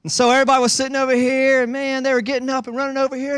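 A man's voice: very high voice, rapid-fire, hardly any pauses. A man preaching a sermon in a church, telling stories with playful teasing. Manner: animated storytelling with playful teasing. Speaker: pastor.

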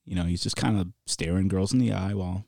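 A man's voice: deep voice, fast talker, creaky, a little mellow, no room sound, studio quality. A man casually telling a long story on a podcast, swearing and laughing along as he goes. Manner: laid-back storyteller, swears, laughs at his own stories. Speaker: podcast co-host.

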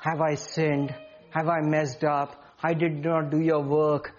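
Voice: medium pitch, little pitch movement, slow, dull audio, soft background music, voice pushed down, close to an everyday voice. A preacher voicing a fretful, anxious believer. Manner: fretful, self-doubting questions. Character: anxious believer confessing failures, unsure of self.

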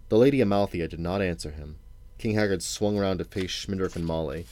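A man reading a novel aloud to his sons in a measured storytelling manner. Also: low voice, a little mellow, dry recording. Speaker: parent reading to his children.

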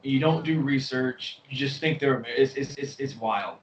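A man hosting a podcast, chatting casually in a relaxed way and often repeating words as he starts a thought. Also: mid-range voice, normal speed, highs cut off. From United States. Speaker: podcast host. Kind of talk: casual chat. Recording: roomy sound, distant from mic, faint noise.

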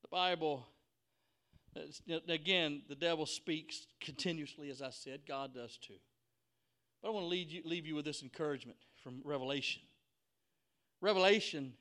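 A man preaching a Pentecostal sermon, telling the story dramatically and acting out the voices, swinging from whispers to shouts. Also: on the high side, moderate pace, pauses often.

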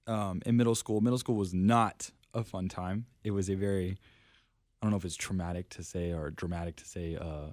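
A young man with a fairly low voice talks casually on a podcast. He tells personal stories in a self-deprecating way, laughing as he goes. The sound is dry and close. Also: fairly even intonation, brisk, darkish tone, no echo. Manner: self-deprecating, laughs often, lots of fillers. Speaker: podcast guest. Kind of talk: casual storytelling chat.

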